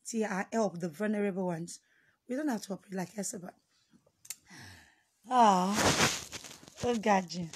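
A woman's voice: mid-range voice, normal speed, pauses often, a little mellow, breathy edge. A woman hosting a casual livestream on her phone, telling stories dramatically with sudden exclamations and switching between Yoruba and English. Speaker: livestream host.

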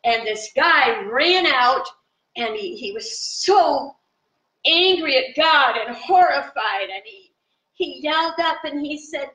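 A woman giving an informal live spiritual talk to viewers from her home in the country, chatty and animated, with fillers. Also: high-pitched, slow pace. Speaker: spiritual teacher. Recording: dull, roomy sound from a distant mic.

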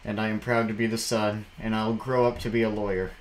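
A man's voice: lowish voice, level tone, a little fast, slight background noise, poor audio. A man giving casual commentary while playing a game, rambling and jumpy, breaking into shrieks when startled. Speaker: gameplay commentator.

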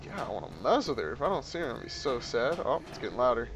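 A man's voice: medium pitch, fast, few pauses, noisy background. A man giving casual let's-play commentary, swearing and crying out when startled. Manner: lively, swearing, startled outbursts. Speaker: gameplay commentator.

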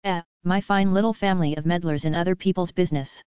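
A storyteller doing a brutish gangster boss who growls his threats, the voice very smooth and clean. It sits dry and a little dull, as from a close home recording of a storybook. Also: medium pitch, fairly even intonation, fast, a little mellow, dry recording, close to an everyday voice. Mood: threatening. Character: menacing gangster boss, huge brutish man.

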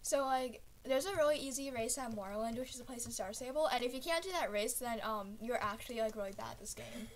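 A woman's voice: fairly high pitch, fast talker, few pauses. A woman hosting a casual gaming video, coaching a friend with teasing, giggly remarks. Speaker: gaming channel host.

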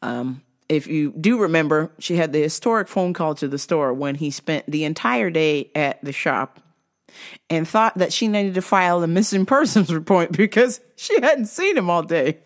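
Lively, crude young woman telling stories. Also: deep voice, normal speed. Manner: crude, animated, laughing. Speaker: podcast host. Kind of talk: casual comedic storytelling.

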